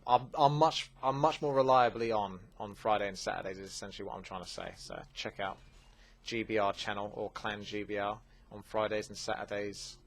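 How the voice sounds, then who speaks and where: A man hosting a gaming channel, casually answering viewer questions, chatty and full of fillers. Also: lowish voice. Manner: chatty, with many fillers and quick asides. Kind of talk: casual Q&A commentary.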